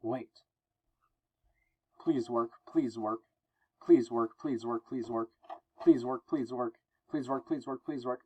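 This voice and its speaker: A man's voice: mid-range voice, big pitch swings, moderate pace. Spider-Man, wisecracking teen hero, as a man reads him. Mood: pleading. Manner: jokey, frantic, self-mocking. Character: young male masked superhero, wisecracking teen.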